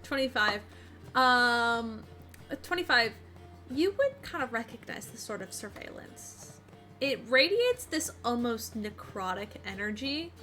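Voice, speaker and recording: A woman's voice: a little high, pushed and bright. A woman narrating a tabletop game as game master, hesitant with many ums, building suspense in her descriptions.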